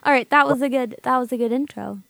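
High-pitched woman on a podcast, laughs a lot, teasing, dry close sound. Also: fast talker, creaky, fairly bright tone, no room sound. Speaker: podcast co-host. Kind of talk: casual chat.

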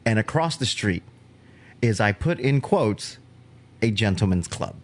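A man's voice: fairly low pitch, lively intonation, unhurried. A man hosting a podcast, chatting casually and telling a story with easy laughs. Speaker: podcast host.

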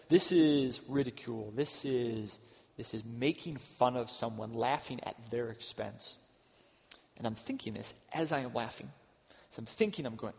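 A middle-aged man giving a sermon as a pastor, earnest, rising to loud emphasis and dropping to hushed asides. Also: mid-range voice, normal speed, creaky. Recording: dull sound with long hall reverb.

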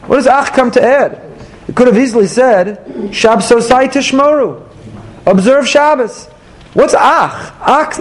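Questioning male Torah teacher, high voice. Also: slight background noise, poor audio. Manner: probing, rapid-fire rhetorical questions. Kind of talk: text study class with students.

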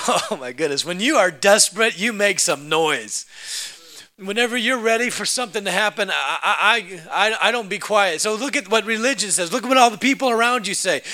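High-voiced, dramatic male preacher. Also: sharp tone. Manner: dramatic, acts out quotes in voices; humorous, laughs at own jokes. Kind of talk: lively sermon.

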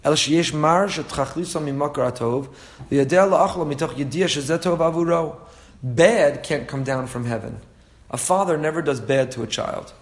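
A young to middle-aged man, father of a four-year-old, teaches a Torah class, reading texts aloud and translating them. His voice is on the high side, at a moderate pace with few pauses. He explains passages earnestly, often repeating phrases and chuckling at his own stories.

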